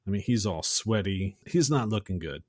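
A low-pitched man casually walks through a film scene as a podcast co-host, slipping into the characters' lines as he goes. His voice sounds dry and close, with no room echo. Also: lively intonation, normal speed. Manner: retells scenes and acts out quotes. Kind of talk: casual movie recap.

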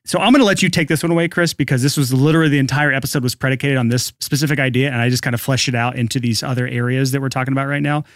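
A man's voice: medium pitch, fairly even intonation, very fast, hardly any pauses, a bit bright, dry recording, studio quality. A man co-hosting a podcast in casual chat, blunt and teasing. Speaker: podcast co-host.

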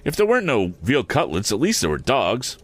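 A man voicing a kindly, simple village blacksmith who talks slowly in a homely rustic dialect. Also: deep voice, big pitch swings, a bit bright, exaggerated voice. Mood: coaxing, amazed.

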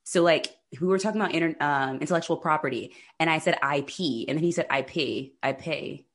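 A woman co-hosting a casual chat, animated and full of "like" fillers, laughing often. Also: low voice, quick pace.

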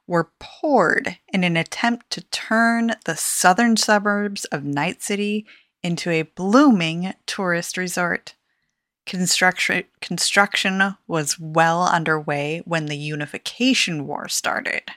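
Woman with a lowish voice reading podcast notes, dry close mic, playful asides. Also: fairly bright tone, no room sound. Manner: reads notes aloud with playful asides and laughs. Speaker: podcast co-host.

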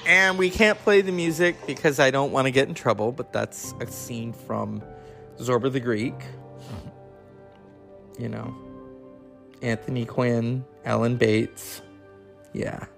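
A man's voice: medium pitch, takes it slowly, creaky, pauses often, over music. A man hosting a casual, rambling, enthusiastic chat about classic films. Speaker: host.

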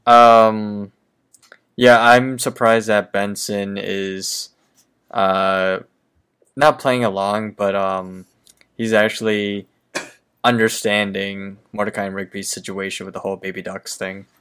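Male co-host, low pitch, smooth resonant tone, easygoing and a bit hesitant. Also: level tone, takes it slowly, fairly bright tone. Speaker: podcast co-host. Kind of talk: casual chat recapping a cartoon episode.

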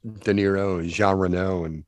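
A man co-hosting a podcast, chatting casually about films in a halting way, stammering and using lots of fillers. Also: deep voice, fairly even intonation, no room sound. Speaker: podcast co-host. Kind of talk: casual film discussion.

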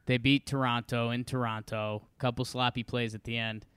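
A young man co-hosting a casual chat, telling stories in an animated, joking way. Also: medium pitch, smooth, dry recording. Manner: animated storyteller, jokey, quick asides. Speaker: podcast co-host.

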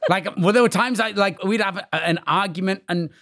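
A man's voice: high voice, brisk. A man from Wales with a Welsh accent, a guest actor telling casual anecdotes and acting out bits of dialogue. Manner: animated anecdotes, acts out quoted exchanges. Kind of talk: casual conversational storytelling.

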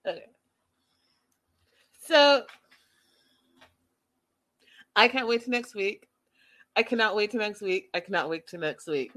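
A chatty woman hosting a live recap show, talking straight to her viewers in an easy, expressive voice. She reads out viewer comments, sounds amused, and keeps the talk loose and conversational. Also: mid-range voice, moderate pace. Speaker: host recapping a reality show.

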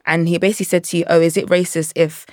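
A woman hosting a podcast interview, chatting casually and asking questions in a soft conversational way. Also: lowish voice, level tone, racing, dry recording, studio quality.

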